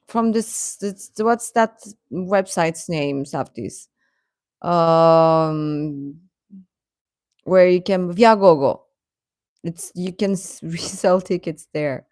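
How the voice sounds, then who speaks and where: Young woman hosting a fan livestream, slow-talking, laughs a lot, dry close mic. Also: medium pitch, darkish tone, dry recording. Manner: chatty, laughing often, exasperated rants. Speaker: livestream host reading chat. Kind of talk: casual chat.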